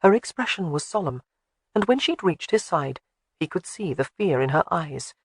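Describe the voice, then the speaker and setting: Measured audiobook narrator. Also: male voice, on the high side, big pitch swings, slightly rough, dry recording. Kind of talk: scripted narration.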